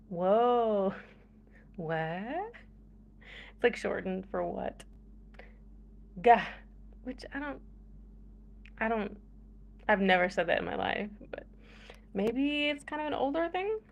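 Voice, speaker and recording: Slow-talking chatty woman vlogger. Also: medium pitch, gravelly, a bit bright. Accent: American. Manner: laughs often, chatty and playful. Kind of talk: casual chat to camera.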